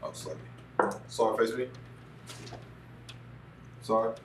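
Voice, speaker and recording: A man's voice: lowish voice, expressive, takes it slowly. A man leading a call-and-response prayer, chanting each line for a partner to repeat and giving instructions to viewers. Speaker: prayer leader. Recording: roomy echo, distant mic, faint noise.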